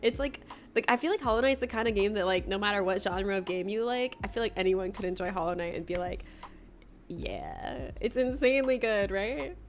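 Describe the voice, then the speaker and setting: A woman's voice: medium pitch, fast talker, hardly any pauses, slight background noise. A young woman streamer chatting casually with her viewers, bubbly and laughing often as she greets them by name. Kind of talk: casual livestream chat with viewers.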